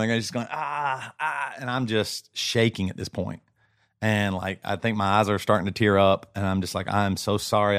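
A man with a lowish voice recounts what happened to him in an unsettled, stop-start way, often circling back over his own words. His speech is casual and close to the mic, with a dry sound and almost no room around it. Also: no echo. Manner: shaken, halting, many restarts and repeats. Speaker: podcast co-host. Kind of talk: casual chat, personal story.

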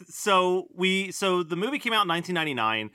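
A man hosting a casual podcast, retelling film scenes in an animated way and laughing often. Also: sits high, fairly quick, no room sound. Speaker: podcast host. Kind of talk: casual movie discussion.

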